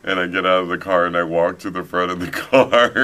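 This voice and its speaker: A middle-aged man telling a travel story in a casual interview, animated and laughing often. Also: deep voice. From United States. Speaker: author, interview guest. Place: conference venue, indoors.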